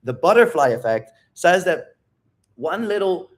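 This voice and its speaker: Fired-up, swearing man, slightly high voice. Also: a little slow. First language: not English. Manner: energetic, profane, rambling. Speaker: livestream Q&A host. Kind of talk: live unscripted monologue to chat.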